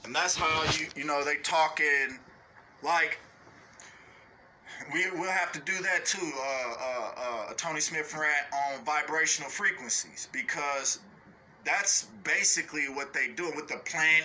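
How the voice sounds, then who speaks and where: A man ranting off the cuff in a blunt, cursing way, always checking in with his listeners. His voice sits a little high and carries a very bright, forceful edge. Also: measured pace, slight background noise. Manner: blunt, profane, repeats "you know what I'm saying"; mocks others in high put-on voices. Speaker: online ranter. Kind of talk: unscripted rant.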